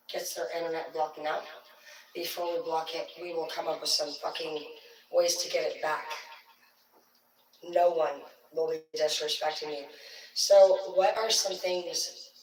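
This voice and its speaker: A woman doing a profane, comedic rant as an angry parent, swinging between muttering and shouting. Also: sits low, distant mic. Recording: roomy sound from off-mic.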